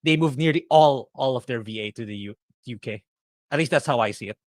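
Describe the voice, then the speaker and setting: A man co-hosting a casual podcast, animated and opinionated as he builds up his points. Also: mid-range voice, brisk, dry recording, clean studio sound. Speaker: podcast co-host.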